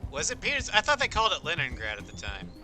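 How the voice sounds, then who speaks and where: A man's voice: a little high, huge pitch swings, fast talker, over music. A man streaming a game, chatting casually and musing on history with rambling asides and fillers. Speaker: livestreamer. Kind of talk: casual chat while gaming.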